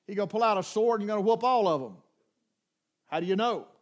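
A man preaching a sermon, retelling scripture with dramatic storytelling that swings from loud bursts to hushed lines, folksy and emphatic. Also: sits high, expressive, quick pace.

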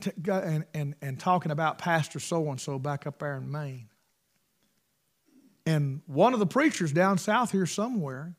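High-voiced preacher telling stories. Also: male voice. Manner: folksy, emphatic, swings between loud bursts and hushed asides. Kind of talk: storytelling sermon.

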